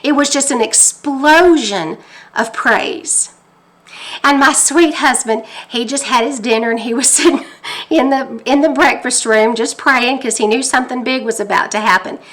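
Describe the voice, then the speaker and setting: A woman from Texas recounts a personal testimony in a fervent, emotional way, quoting her own prayers aloud. Her voice sits a little high and sounds bright and forceful. She talks from her kitchen table at home. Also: normal speed. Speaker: faith teacher.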